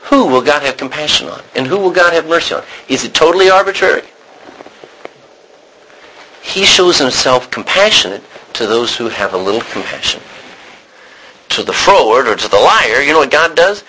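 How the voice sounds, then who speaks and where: A man teaching a Bible study class, animated and questioning his students. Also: a little high, normal speed, a little hiss or hum, poor audio.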